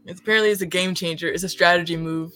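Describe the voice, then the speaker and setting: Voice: medium pitch, fairly even intonation, very fast, bright, forceful tone, soft background music. Matter-of-fact voice reading game news. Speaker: gaming news presenter on a podcast.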